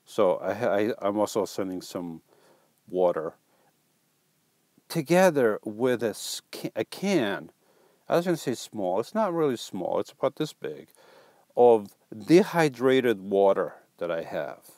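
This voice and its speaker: A man's voice: fairly low pitch, sing-song, unhurried, a little mellow, no echo. Joking man hosting a live stream. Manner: joking, reads viewer comments aloud; stumbling restarts, playful teasing. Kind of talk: casual live stream chat.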